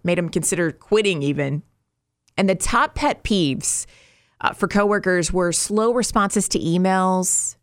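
A woman's voice: lowish voice, dry recording, clean studio sound. A woman hosting a morning radio show, chatty and emphatic, laughing easily as she talks.

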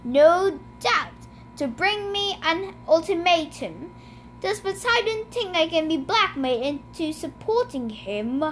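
A woman's voice: very high voice, sing-song, measured pace, fairly bright tone, a little hiss or hum, pitched above the performer's own voice, heavily acted. Hades, a woman reading an aggrieved god of the dead. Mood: indignant. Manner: indignant, bellowing, grumbling. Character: male god of the dead, angry, complaining.

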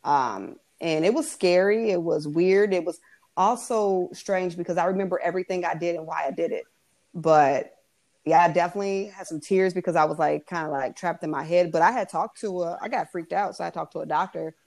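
A woman co-hosting a podcast, chatting in a relaxed way, laughing easily and trailing off into fillers. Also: lowish voice, a little fast. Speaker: podcast co-host. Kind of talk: casual chat.

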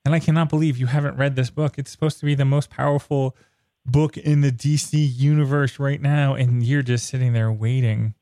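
A man's voice: mid-range voice, fairly quick, no echo. A man in mid-register hosts a casual podcast chat and gets worked up as he goes, ranting with exasperation. His voice is close and dry, with no room sound around it. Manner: excitable, rants with exasperation. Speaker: podcast host. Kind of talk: casual comic book chat.

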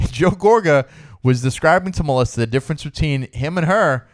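A man's voice: fairly high pitch, animated, moderate pace, no room sound, studio quality. A man co-hosting a comedy podcast, chatting casually and laughing often between jokes. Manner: laughs often, puts on brash voices for bits. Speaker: podcast co-host.

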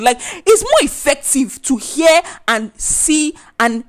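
A woman hosting a podcast, chatting casually in a loud, animated way. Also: high-pitched, moderate pace, hardly any pauses. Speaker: podcast host.

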